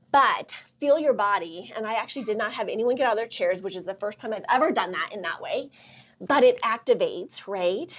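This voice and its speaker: Husky chatty woman host. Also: mid-range voice. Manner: chatty, filler-heavy, excitable. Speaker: host and counselor. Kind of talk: motivational workshop talk.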